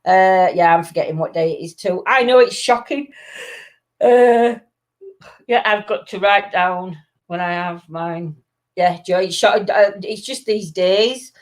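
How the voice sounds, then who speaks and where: A woman's voice: fairly low pitch, a little slow. A woman chatting casually on a live stream, reading out viewer comments. She laughs often and drops her articles. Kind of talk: casual chat.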